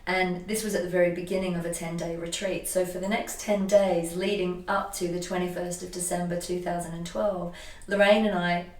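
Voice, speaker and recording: A woman energy healer telling a personal story in an animated, emotional way, often restarting her sentences. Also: lowish voice, brisk, slight background noise. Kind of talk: casual conversation, personal storytelling. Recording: echoey room, voice from a distance.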